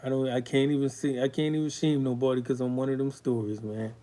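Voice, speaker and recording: A man's voice: medium pitch, flat delivery, fast, warm tone. A man telling his own life story with raw emotion, blunt and profane as he talks. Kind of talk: candid storytelling.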